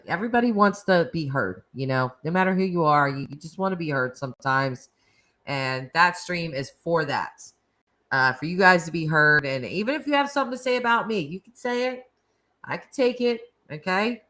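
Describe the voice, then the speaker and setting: A woman's voice: fairly low pitch, a bit bright. A woman hosting a casual live stream, chatting and laughing as she reacts to viewer comments. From United States. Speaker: livestream host.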